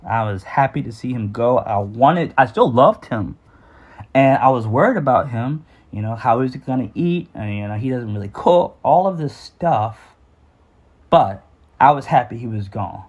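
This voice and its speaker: A man's voice: mid-range voice, lively intonation, moderate pace, breathy edge, lo-fi sound. A man telling a candid personal story about his childhood, with frequent restarts and some swearing.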